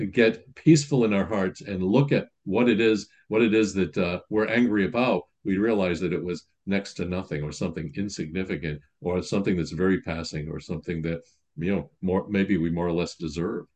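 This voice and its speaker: A man's voice: low voice, moderate pace, a little mellow. A man priest giving a sermon in a conversational teaching manner, reading quotations aloud and explaining them.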